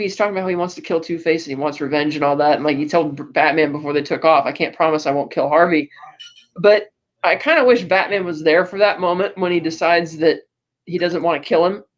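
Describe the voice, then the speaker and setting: A woman's voice: low-pitched, brisk. A woman co-hosting a podcast, recapping a film in a rambling, chatty way with lots of fillers and small laughs. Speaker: podcast co-host. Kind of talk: casual film recap chat. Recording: dull lo-fi podcast audio.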